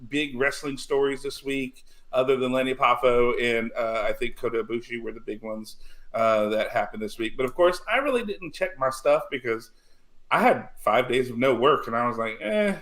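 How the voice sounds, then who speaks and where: A man's voice: mid-range voice, moderate pace, fairly bright tone, poor audio. Rambling man, casual host. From United States. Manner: rambling, with many fillers. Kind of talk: casual chat.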